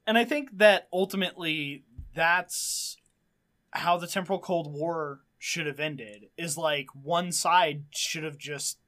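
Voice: mid-range voice, slow pace, fairly bright tone. Rambling podcast host recapping an episode. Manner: rambling, recaps with many fillers. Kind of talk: casual chat.

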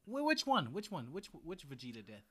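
Lively, bright-voiced young man chatting. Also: a little high, fairly quick, breathy edge. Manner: animated, teasing, laughs often, swears casually. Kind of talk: casual chat.

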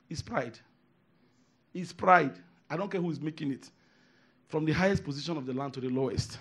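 Emphatic preacher, high husky man's voice. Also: animated, brisk. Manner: emphatic, swings between hushed asides and shouted declarations; repeats phrases for emphasis. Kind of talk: sermon.

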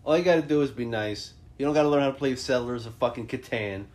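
A man's voice: mid-range voice, fast talker. A man co-hosting a podcast, reacting to videos in casual, profane, wry chat. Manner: wry, swearing, lively reactions. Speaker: podcast co-host. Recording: faint background noise.

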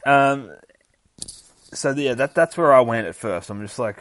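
A man's voice: mid-range voice, measured pace, no room sound. A man hosting a podcast, recapping a horror comic in a casual, laughing, profane way. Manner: laughing, profane, animated storytelling. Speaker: podcast host.

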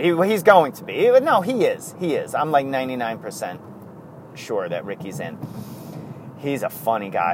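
A man's voice: mid-range voice, darkish tone, a little hiss or hum. A man hosting a casual podcast on his own, telling stories in a rambling way with chuckles and self-corrections. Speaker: podcast host. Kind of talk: casual solo podcast talk.

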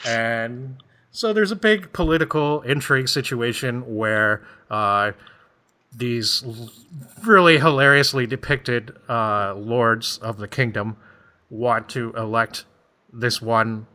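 Man with a bright, mid-pitched voice, chatty and rambling, laughs easily. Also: takes it slowly. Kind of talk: casual chat.

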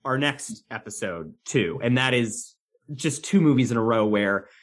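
A podcast co-host talks casually about a film, quick to chime in and agree. The voice is a little husky and swings widely in pitch. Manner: lively, quick to jump in and agree.

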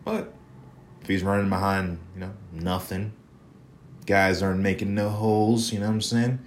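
A man's voice: low voice, flat delivery, moderate pace, a little hiss or hum. Profane fired-up young male sports podcaster. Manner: blunt, profane, repetitive, fired up. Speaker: podcast host. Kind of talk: solo sports podcast rant.

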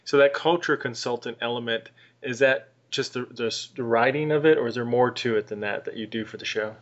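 A man interviewing a guest, asking thoughtful, measured questions. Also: mid-range voice, steady tone. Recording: dull lo-fi sound.

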